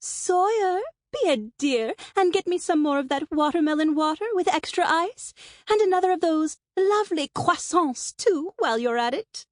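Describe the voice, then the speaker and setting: A woman's voice: extremely high pitch, animated, normal speed, dry recording, studio quality, pitched above the performer's own voice. A woman narrator voicing a demanding diva author in an affected, sing-song fake-sweet voice. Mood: syrupy demanding.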